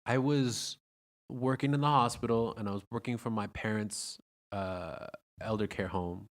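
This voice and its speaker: A man with a fairly low voice hosts a casual podcast conversation. He rambles and circles back, filling gaps with "like" and false starts. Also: fairly even intonation, moderate pace. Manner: rambling, heavy use of "like", many restarts. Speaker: podcast host. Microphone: podcast microphone, also streamed live on video.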